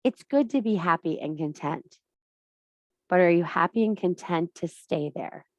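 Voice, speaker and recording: Running a women's workshop by video call, a middle-aged circle leader talks casually, bluntly, and emphatically, swearing a great deal. Her voice is on the low side with a darkish tone at a moderate pace, and there's no room sound.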